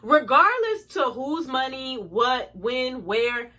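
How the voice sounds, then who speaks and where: A woman's voice: high-pitched, sing-song, slow, bright, forceful tone. A young woman telling a storytime to her viewers, blunt, profane and indignant as she rants. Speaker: vlogger. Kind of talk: storytime rant.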